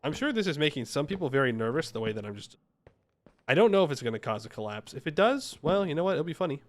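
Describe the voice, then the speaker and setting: Playful male streamer with a lively voice. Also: on the high side, fast. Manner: playful, joking with chat, mock-defensive. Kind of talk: casual live-stream commentary while playing.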